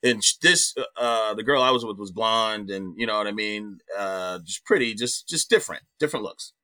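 A middle-aged man, a comedian guest, telling a personal story in animated, profane casual talk. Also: on the low side, normal speed.

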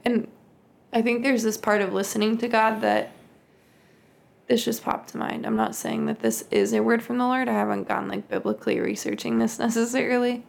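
A woman's voice: fairly high pitch, animated, moderate pace, gravelly. A woman co-hosting a casual faith podcast. She tells a story reflectively and acts out the quoted voices. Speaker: podcast co-host.

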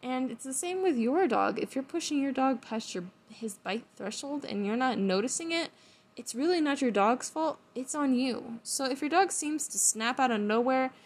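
Chatty woman dog trainer, higher voice. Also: lively intonation, moderate pace. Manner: chatty and emphatic, laughs mid-sentence. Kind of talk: casual educational vlog.

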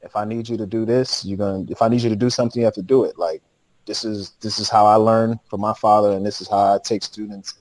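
A man's voice: fairly low pitch, steady tone, fast, darkish tone, a little hiss or hum, poor audio. A man, a podcast guest, telling a long story in casual, slangy speech with lots of laughter.

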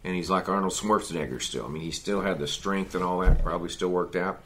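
A man's voice: sits low, fast talker, fairly bright tone. A man teaching a men's Bible study in a folksy, conversational sermon style, often adding "you know" and "see".

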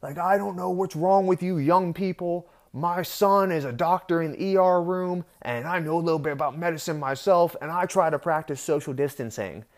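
A man's voice: on the high side, moderate pace, few pauses, a little mellow, voice pushed up, close to an everyday voice. A man voicing a cranky, self-righteous older man who lectures young people. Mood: indignant. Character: cranky older man in his sixties, indignant.

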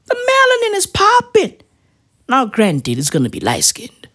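A woman's voice: sits high, wildly swooping pitch, unhurried, fairly bright tone. A woman in a profane, rambling comedic rant full of street slang, at home. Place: at home, with spouse nearby.

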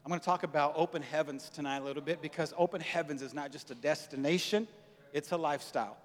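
Brief: man preaching a sermon, slangy storyteller, a bit high-pitched, long hall reverb. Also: fast. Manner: animated storytelling, acting out dialogue, casual slang. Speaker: pastor.

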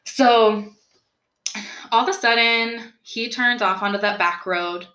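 A young woman hosting a podcast, telling a true-crime story in a casual, animated way, full of "like" and questions put to her co-host. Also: on the high side, slow pace. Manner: chatty, animated, lots of "like" and rhetorical questions. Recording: roomy echo.

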